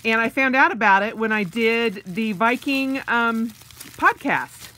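Slow, bright-voiced gushing woman. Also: fairly high pitch, a little hiss or hum. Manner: gushing, many gasps and delighted exclamations. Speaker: vlogger. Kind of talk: casual unboxing vlog.

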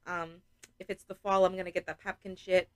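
Sleepy woman, podcast co-host, relaxed chat, filler words, dry close sound. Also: fairly low pitch, fairly quick, clean tone, dry recording. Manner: relaxed, drowsy, lots of "like".

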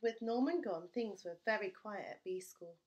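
A woman teacher reading a children's storybook aloud to her class, with expressive, playful storytelling. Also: medium pitch, normal speed.

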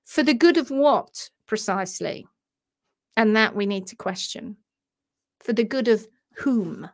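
Passionate English woman, higher voice. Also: animated, measured pace. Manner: passionate and emphatic. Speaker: host. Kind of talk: live-stream talk.

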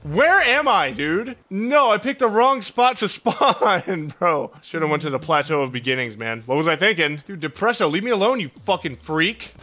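A young man chatting casually while playing a game, excitable and swearing often. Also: high voice, normal speed, few pauses. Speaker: gaming YouTuber. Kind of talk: casual gameplay chat.

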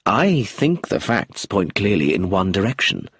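Calm shrewd father, read by the male narrator, husky, dry close tone. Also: deep voice, normal speed, no echo, exaggerated voice.

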